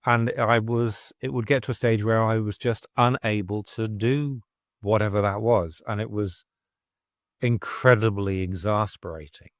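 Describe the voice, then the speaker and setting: Podcast guest, middle-aged man: candid, swears, low-ish, dry close sound. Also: fairly even intonation, a little slow, no room sound. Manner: frank and exasperated, swears freely. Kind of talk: candid conversational storytelling.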